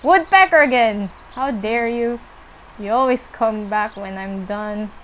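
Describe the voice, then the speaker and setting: A woman's voice: mid-range voice, slow pace, slight background noise, poor audio. Chatty woman narrating her gameplay. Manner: chatty, talks to in-game animals, excitable squeals. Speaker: gameplay streamer. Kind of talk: casual gameplay commentary.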